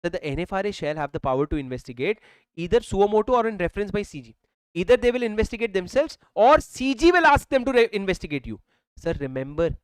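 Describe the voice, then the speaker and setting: A man's voice: sits high, animated, fast, clear, resonant tone, no echo. A young man with an Indian English accent giving a classroom lecture, emphatic and repetitive, often calling students "sir". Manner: emphatic, repeats phrases, addresses students as sir. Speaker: teacher. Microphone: handheld or lapel mic.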